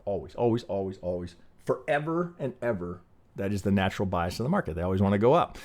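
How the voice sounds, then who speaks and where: A man's voice: mid-range voice, a little mellow. Rambling male trading host. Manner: rambling, frequent "right?" tags and restarts; blunt, swears casually. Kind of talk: casual chart analysis walkthrough.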